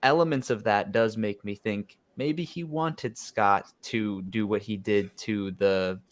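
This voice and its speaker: A man on a podcast, giving a measured, thoughtful take in casual chat. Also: on the low side. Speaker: podcast guest.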